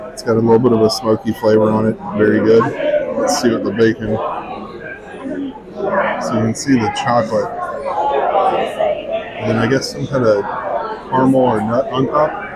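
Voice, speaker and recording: A man hosting a casual food review vlog, chatty and easygoing, sometimes talking while eating. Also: medium pitch. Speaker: vlog host. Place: busy theme park bar. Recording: noisy crowded bar. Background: loud crowd chatter.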